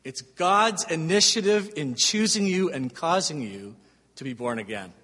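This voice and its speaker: A man's voice: fairly high pitch, animated, measured pace, sharp tone. A man preaching a sermon as pastor, emphatic and conversational, asking the congregation rhetorical questions. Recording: long hall reverb.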